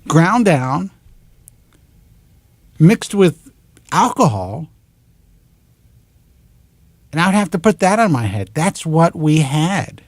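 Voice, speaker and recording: A man in his forties with a New York accent, hosting a talk show and ranting in an animated, exasperated monologue into a close studio mic. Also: a little high, slow, long pauses, no echo. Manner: animated, exasperated, swears in clipped letters.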